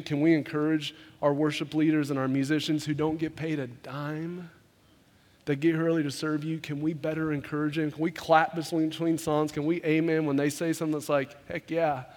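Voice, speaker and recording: A man preaching a sermon to his congregation in an earnest, conversational way, often repeating words as he rushes ahead. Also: fairly high pitch. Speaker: pastor. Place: church sanctuary. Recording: long hall reverb.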